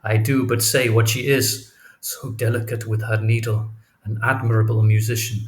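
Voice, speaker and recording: A man's voice: on the low side, little pitch movement, moderate pace, lightly acted. Othello, a man reading an anguished jealous general. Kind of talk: audiobook reading of play lines.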